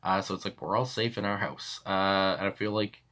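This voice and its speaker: A man's voice: low voice, flat delivery, brisk, sharp tone. A man with a Canadian accent, hosting a music reaction video in rambling, casual commentary full of fillers and chuckles. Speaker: music reaction channel host.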